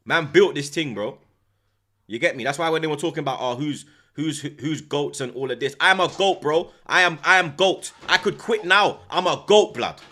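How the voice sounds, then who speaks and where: Brash man ranting. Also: a little high. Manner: loud, swaggering, repeats slang tags. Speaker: football watchalong streamer. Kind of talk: casual boastful rant.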